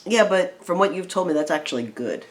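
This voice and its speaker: A woman co-hosting a casual film review chat, retelling the plot in a rambling, animated way full of fillers. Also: fairly low pitch, a little fast.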